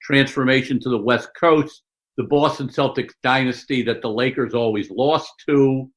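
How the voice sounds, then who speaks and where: An older man telling stories as an interview guest, lively and full of quick asides. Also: mid-range voice, rough recording. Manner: animated storyteller, quick asides and mock voices. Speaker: sportswriter guest. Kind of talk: conversational interview storytelling.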